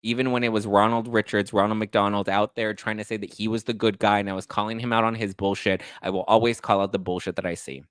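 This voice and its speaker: A man's voice: on the low side, flat delivery, fast talker, few pauses, clear, resonant tone, no room sound. A man in his thirties hosting a podcast, ranting sassily and acting out both sides of his arguments. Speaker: podcast host. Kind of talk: heated commentary.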